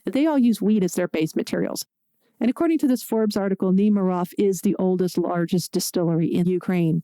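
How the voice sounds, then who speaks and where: A woman's voice: medium pitch, mellow, dry recording, clean studio sound. A woman from Pittsburgh hosting a solo podcast, talking in a chatty, conversational way with jokey asides. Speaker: podcast host.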